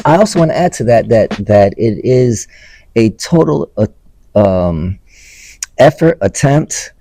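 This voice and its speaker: An older man, a theater director, speaking in an interview in an earnest, emphatic way, halting with fillers. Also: mid-range voice, animated, gravelly, dark tone, soft background music. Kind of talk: casual interview talk.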